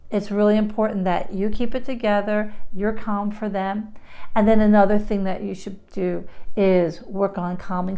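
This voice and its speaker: Woman giving calm parenting advice. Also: medium pitch. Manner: demonstrates parent lines in bright acted voices. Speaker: parenting advice giver, therapist. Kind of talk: casual advice video.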